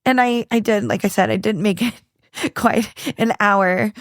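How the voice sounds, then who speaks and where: A woman's voice: medium pitch, dry recording, clean studio sound. A woman guest on a podcast, telling her own story in a candid, earnest way, often restarting and searching for words. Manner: earnest, halting, many restarts and fillers.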